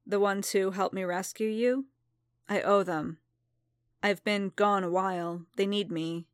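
A woman voicing a reserved male bounty hunter in a storybook reading, speaking softly and steadily. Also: medium pitch, steady tone, a little slow, smooth, no echo, clean studio sound, lightly acted. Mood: quiet.

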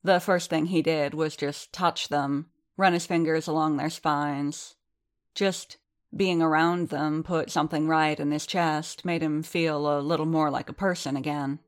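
Low-voiced woman narrating an audiobook. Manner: measured, steady storytelling. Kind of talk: scripted narration.

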